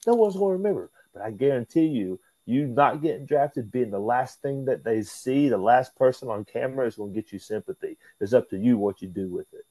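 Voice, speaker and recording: A pro wrestler appears as an interview guest, casually and animatedly telling backstage stories. He swears freely, calls people "brother," and acts out what others said in a raised voice. His voice is medium-pitched and a little fast with few pauses, and the poor-quality audio has no room sound.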